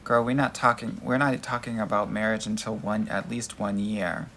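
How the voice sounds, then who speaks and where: A man's voice: on the low side, steady tone, normal speed, sharp tone, slight background noise. Sassy man giving dating advice live. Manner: sassy and emphatic, calls viewers girl and honey. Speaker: dating coach hosting a live Q&A. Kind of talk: casual livestream chat answering viewer comments.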